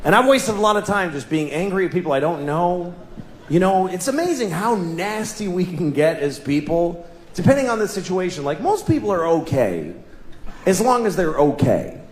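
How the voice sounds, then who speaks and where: A man's voice: sits high, sing-song, moderate pace. A middle-aged man doing a stand-up comedy set, telling rambling, self-deprecating stories on a live stage. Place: live stage before an audience. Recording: roomy live venue with crowd noise.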